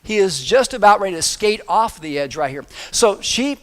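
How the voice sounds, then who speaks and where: A man preaching a sermon with a high-pitched voice. He tells the story casually and jokes along the way, with a storytelling manner. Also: animated, moderate pace, fairly bright tone. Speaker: pastor.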